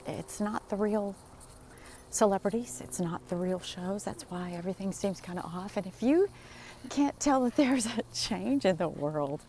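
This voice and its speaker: A woman's voice: medium pitch, moderate pace, a little mellow, a little hiss or hum. A woman in her sixties chatting casually to a phone camera while walking outdoors in the desert, telling stories in a rambling way and acting out the people she quotes. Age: 60s. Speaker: vlogger.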